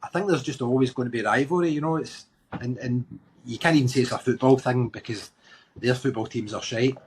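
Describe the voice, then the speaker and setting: A man's voice: medium pitch, brisk, slight background noise. A man with a Glaswegian Scottish accent, a comedian guest talking frankly in a casual interview, often restarting his sentences and swearing bluntly. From Scotland. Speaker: guest comedian and tattoo artist.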